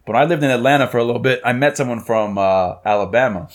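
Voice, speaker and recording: A man's voice: medium pitch, fast talker. A man from New York hosting a podcast, telling stories casually and acting out what people said. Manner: storytelling, acts out quotes. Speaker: podcast host.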